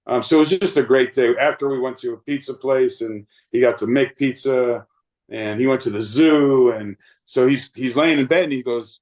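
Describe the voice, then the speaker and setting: Man, late 50s, umpire guest; earnest, rambling storyteller, mid-pitched everyday voice. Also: moderate pace, a little mellow, low-quality recording. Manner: earnest, rambling, lots of fillers and restarts. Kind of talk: reflective storytelling interview.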